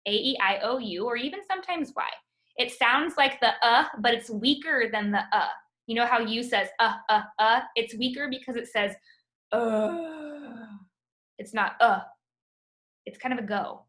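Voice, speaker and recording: A woman teaching a phonics lesson over a video call, slowly sounding out words for her students. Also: fairly high pitch, pushed and bright. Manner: patient, drawn-out sounding of words.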